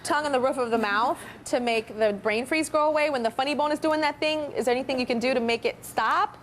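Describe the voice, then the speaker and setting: A woman's voice: sits high, fast talker, a little hiss or hum. A woman hosting a daytime talk show in a studio, bubbly and jokey, laughing often. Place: TV studio with audience.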